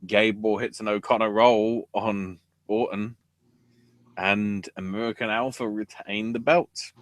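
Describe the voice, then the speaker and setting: A man's voice: lowish voice, steady tone, a little slow. A man hosting a podcast, giving a rambling, sarcastic play-by-play recap with casual swearing. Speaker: podcast host.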